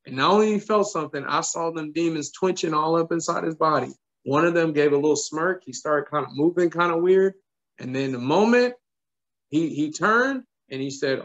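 A man preaches in a storytelling sermon. His voice sits a little high for a man, and he quotes each person in turn, repeating his points for emphasis. The recording sounds somewhat dull and muffled. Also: brisk. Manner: animated, quotes people in dialogue, emphatic repetition.

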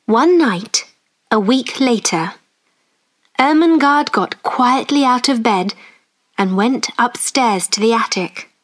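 Slow clear woman storyteller. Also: on the high side, lively intonation. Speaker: story narrator. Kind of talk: slow graded-reader narration.

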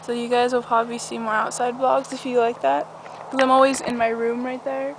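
A young woman vlogs from a trampoline in her backyard, chatting casually in a rambling, giggly way; her pitch is fairly high, her delivery flat and a little fast. The noisy outdoor camcorder sound includes a dog barking nearby.

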